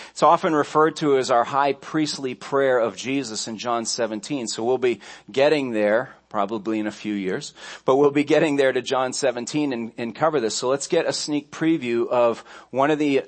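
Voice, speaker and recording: A man's voice: medium pitch, moderate pace. A man pastor delivering a sermon, telling stories conversationally, with restarts and asides along the way.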